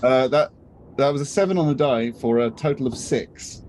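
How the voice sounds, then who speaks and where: A man's voice: medium pitch, moderate pace, a little mellow, slight background noise. A man playing a tabletop game, chatting casually in a hesitant, jokey way. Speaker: player.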